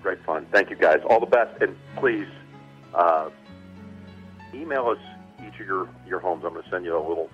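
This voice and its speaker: A man, a sportscaster guest, reflecting at length on a radio show, speaking over a phone line. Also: deep voice. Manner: warm reflective storytelling with frequent pauses. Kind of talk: casual radio interview. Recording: tinny phone line with music.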